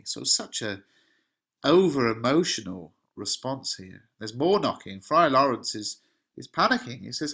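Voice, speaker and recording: A man's voice: medium pitch, sing-song, moderate pace, a bit bright. A man, an English teacher, paraphrasing a play line by line in a casual way. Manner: plain paraphrasing, casual fillers.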